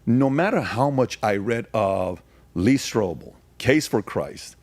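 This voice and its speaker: A man's voice: lowish voice, expressive, takes it slowly, no room sound. A man in his forties from Iran, a podcast guest telling his story in an emphatic, casual way and firing off rhetorical questions.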